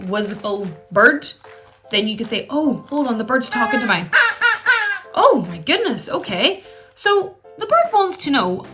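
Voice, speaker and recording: Play therapist, female, 30s, chatty, bright crisp voice, faint music underneath. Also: mid-range voice. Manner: chatty, acts out gentle puppet voices. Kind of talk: instructional talk to camera.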